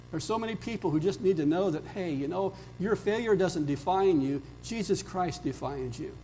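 Male pastor, fairly high voice, storytelling sermon that swings from emphatic peaks to hushed lines, faint hum behind. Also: low-quality recording. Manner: storytelling, rising to emphatic peaks then dropping soft.

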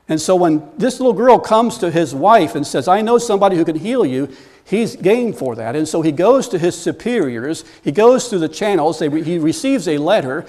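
A man preaching a sermon in a storytelling way, building up to loud, animated bursts. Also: high-pitched. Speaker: pastor.

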